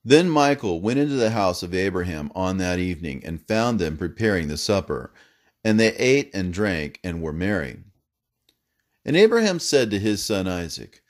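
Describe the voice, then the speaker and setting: A man with a low voice reads an ancient religious story in solemn, measured narration. His pitch rises and falls freely across phrases. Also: big pitch swings.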